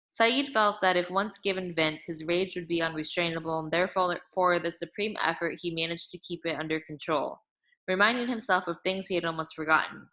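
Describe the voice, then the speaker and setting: A woman reading a novel aloud as an audiobook narrator, in a measured, dramatic way. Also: fairly low pitch, bright, forceful tone.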